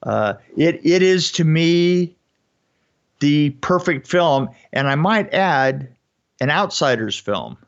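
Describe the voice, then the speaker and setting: A man co-hosting a podcast, speaking haltingly with many fillers as he reviews a film. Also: on the high side, lively intonation, gravelly. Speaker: podcast co-host. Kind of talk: casual film review chat. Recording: dull lo-fi audio.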